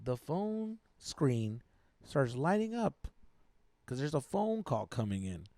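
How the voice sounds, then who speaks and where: A man's voice: mid-range voice, big pitch swings, slow pace, dark tone, dry recording, studio quality. A young man co-hosting a podcast, telling a profane story animatedly and mixing Spanish slang into his English. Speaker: podcast co-host. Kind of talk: casual storytelling chat.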